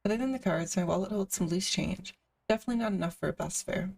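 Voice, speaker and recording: A woman's voice: on the low side, fast, vocal fry, darkish tone, far from the mic. A woman streamer reading a visual novel aloud, with casual asides between the narration.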